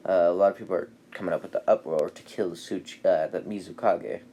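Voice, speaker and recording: A man voicing an overpowered, cocky teenage boy ninja in a casually retold fan story, speaking in a calm, matter-of-fact way. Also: low-pitched, quick pace, slight background noise, natural voice. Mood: cool.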